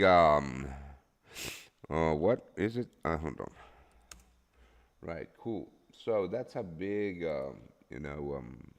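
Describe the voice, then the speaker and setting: A man's voice: a bass voice, in a large hall. A man on a casual live stream, just woken up, rambling and swearing freely with lots of fillers. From El Salvador. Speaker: forex trading streamer.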